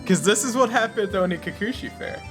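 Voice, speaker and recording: Man, let's play host, casual commentary, playful, higher voice, faint background music. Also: fast, a bit bright. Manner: playful, joking theorizing.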